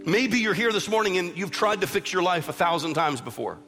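A man's voice: sits high, animated, a little fast, bright, forceful tone. A middle-aged man preaching a sermon as pastor, impassioned and building, with repeated appeals to his listeners. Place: church sanctuary. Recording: long church reverb with music behind.

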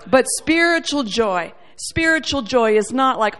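A woman with a high voice preaches with real fervor, her delivery rising to ringing, forceful peaks and dropping to quiet, low asides. She acts out the people and voices she quotes as she goes. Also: measured pace, hardly any pauses. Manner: animated, acts out quoted voices, swings between loud and soft. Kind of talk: sermon.

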